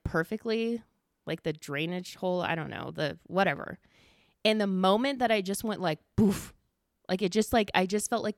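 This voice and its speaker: Breathless fast-talking woman podcaster, dry sound. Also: lowish voice, no room sound. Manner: talks fast without pausing for breath, gets winded; chatty, swears casually, heavy use of "like". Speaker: podcast host. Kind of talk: casual solo podcast chat.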